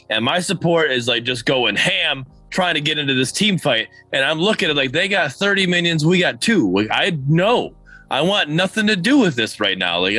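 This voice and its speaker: A man's voice: on the high side, dry recording. A man on a gaming panel, talking casually and animatedly, complaining and saying "like" a lot. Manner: animated, complaining, heavy use of "like". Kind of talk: casual livestream chat.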